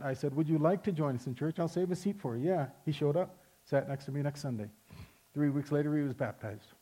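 A man's voice: on the high side, a little mellow. A middle-aged man preaching a sermon, telling stories in a conversational way and calling out to the congregation. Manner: storytelling, conversational, calls out "Amen?". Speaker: pastor.

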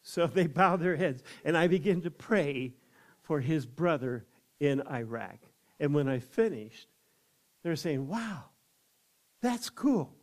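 A man's voice: fairly high pitch, unhurried. An older man and chaplain telling personal faith stories in a folksy way, often acting out what other people said. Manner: folksy, acts out others' quoted words. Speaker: chaplain and evangelist. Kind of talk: personal testimony storytelling.

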